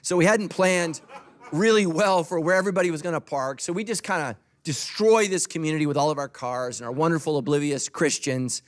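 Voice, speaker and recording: A man's voice: on the high side, fairly quick. A middle-aged man preaching a sermon as pastor, conversational and joking, acting out quoted voices. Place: church auditorium.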